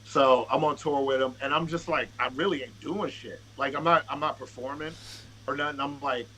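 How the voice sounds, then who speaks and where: A man's voice: mid-range voice, moderate pace, slight background noise, poor audio. A man guest on a podcast, a rapper telling a casual, profane story and acting out what people said. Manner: profane, animated, acts out quotes.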